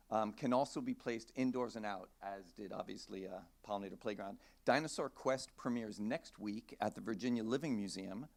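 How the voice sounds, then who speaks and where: Male presenter, medium pitch, upbeat salesy conference pitch. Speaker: exhibit company presenter.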